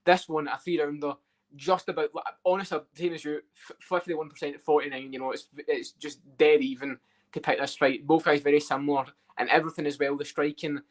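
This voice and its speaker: Male co-host, quick delivery, slightly high voice, loose and hedging. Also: level tone. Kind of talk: casual livestream chat.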